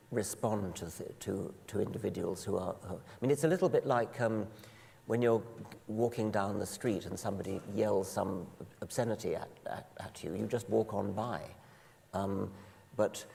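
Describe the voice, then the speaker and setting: A man guest speaker giving measured explanations in an onstage conversation before an audience in a large auditorium. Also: on the low side, creaky, a little mellow. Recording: long reverb of a large hall.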